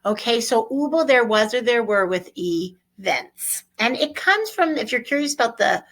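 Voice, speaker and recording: A middle-aged woman teaching a Spanish vocabulary lesson in a chatty, lively way, correcting herself as she goes. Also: fairly high pitch, moderate pace.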